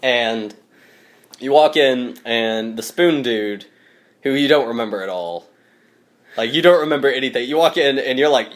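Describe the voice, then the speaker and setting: A man's voice: medium pitch, moderate pace. Laughing man running a tabletop game. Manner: loose, laughing, lots of fillers. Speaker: game master.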